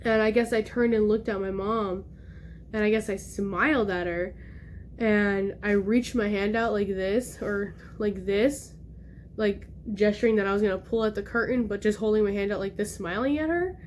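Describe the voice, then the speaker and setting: A young woman vlogger telling a personal story in casual talk, animated and acting out the voices she quotes. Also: mid-range voice, moderate pace, slight background noise.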